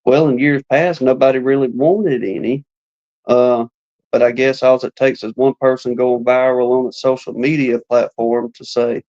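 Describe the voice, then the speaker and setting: A man who keeps bees, musing in a measured way during a casual live-stream chat over a video call. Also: mid-range voice, fairly even intonation, darkish tone. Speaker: beekeeper. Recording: dull lo-fi stream audio.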